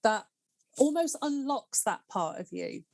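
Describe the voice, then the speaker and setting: A woman's voice: on the high side, expressive, measured pace, gravelly, a little mellow, no room sound. A woman hosting a casual podcast interview, often laughing and responding. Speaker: podcast host.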